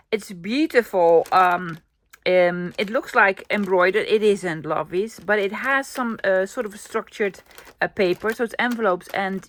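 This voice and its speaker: A woman's voice: mid-range voice, slight background noise. Chatty woman vlogger. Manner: chatty, enthusiastic, thinking aloud. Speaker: craft vlogger. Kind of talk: casual show-and-tell vlog.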